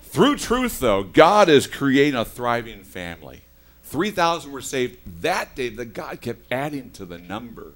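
A middle-aged male pastor preaching a sermon in a conversational, storytelling way, swinging from soft asides to loud emphatic bursts. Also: medium pitch. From United States. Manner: conversational storytelling with self-corrections.

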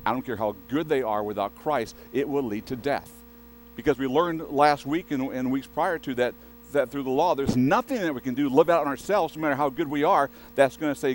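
This pastor speaks a little fast at medium pitch, with faint music behind him on a rough recording. His sermon is conversational, marked by restarted sentences and asides to the congregation.

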